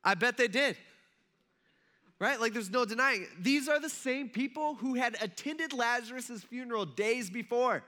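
A man preaches in a relaxed, chatty storytelling way, slipping into the voices of the people in the story. His voice sits high and sounds bright and forward. He talks loosely, with many small fillers. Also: moderate pace, hardly any pauses. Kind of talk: casual storytelling sermon.

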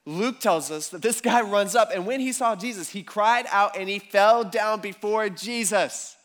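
Casual, animated male pastor preaching. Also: high-pitched, measured pace. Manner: casual, animated storytelling with slang. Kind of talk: sermon.

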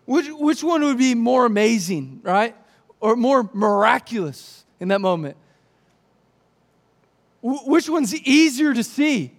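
A man's voice: very high-pitched, lively intonation, slow, pauses often. A man preaching a sermon, retelling a scripture story with jokes and acted-out voices. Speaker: pastor.

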